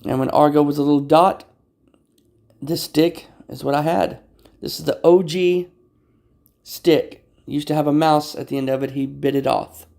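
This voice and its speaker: A man's voice: fairly high pitch, steady tone, moderate pace, gravelly, a little mellow. A man casually filming his cats at home on a camera on a tripod. He talks playfully, swears freely and coos at them in baby talk. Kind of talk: casual livestream chat. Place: indoors at home. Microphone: phone or camera on a tripod.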